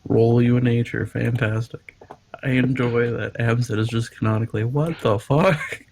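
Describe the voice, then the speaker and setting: A man's voice: mid-range voice, monotone, moderate pace, creaky, a little mellow, slight background noise. A man playing a tabletop game, chatting casually and laughing easily. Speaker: player.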